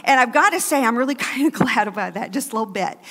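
A woman delivers a sermon in a loud, animated way, breaking into laughing asides. Her voice sits fairly high. It rings through a church with a long hall reverb. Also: fast talker. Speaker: guest preacher. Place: church sanctuary.

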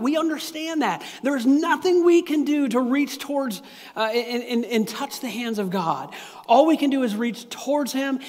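A man preaching a sermon as a pastor, earnest and animated, often repeating himself. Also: very high voice. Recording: long hall reverb.

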